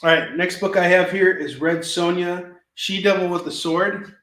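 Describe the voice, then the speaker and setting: A man's voice: sits high, normal speed, a bit bright. A man in his forties hosting a live shopping show, selling comics with jokey sales patter, goofy asides and frequent laughs. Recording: echoey room.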